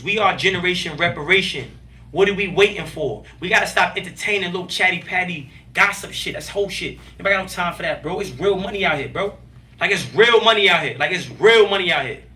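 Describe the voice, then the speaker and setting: A man with a high, bright voice tells stories as a podcast guest, animated and emphatic, full of street slang. He sits a little back from the microphone. His voice often jumps up in excited bursts. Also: recorded from a distance. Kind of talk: casual interview storytelling.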